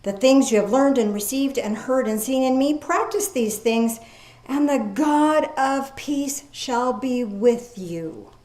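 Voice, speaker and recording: A woman preaching a sermon in a lively, folksy way, reading scripture aloud slowly and commenting with casual asides. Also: high-pitched. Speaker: pastor. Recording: echoey room.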